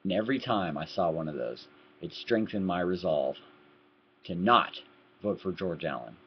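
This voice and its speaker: A man giving a heated political rant to his webcam, repeating words and swinging from low muttering to loud outbursts. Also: animated, moderate pace, breathy edge. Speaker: political vlogger. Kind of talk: ranting webcam commentary. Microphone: laptop webcam mic. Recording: lo-fi laptop webcam audio.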